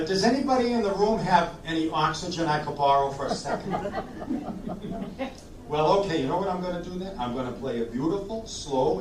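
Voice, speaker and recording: A man hosting a live oldies sing-along, chatting jokily between songs and coaxing the audience to join in. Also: on the high side. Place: community room at a senior living residence. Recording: roomy distant live recording with music.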